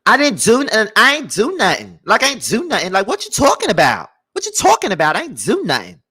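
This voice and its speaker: A man's voice: sits high, wildly swooping pitch, a little fast, sharp tone, breathy edge, pitched above the performer's own voice, exaggerated voice. A man doing a playful, mocking impression of a chatty New Yorker with a New York accent. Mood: teasing. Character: exaggerated chatty New Yorker, casual and brash.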